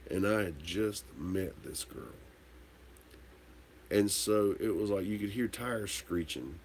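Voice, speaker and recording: Speaking slowly in a lowish voice, a tipsy man hosts a laid-back livestream and answers viewer comments. His story wanders and is candid, with casual swearing, and there's a bit of background noise.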